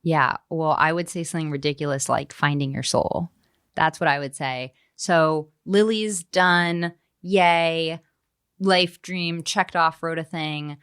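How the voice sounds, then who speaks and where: Woman author guest, very low voice, dry close mic, candid and self-mocking. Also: takes it slowly, fairly bright tone, smooth, no echo. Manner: open and self-mocking, laughing mid-sentence. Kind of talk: candid podcast conversation.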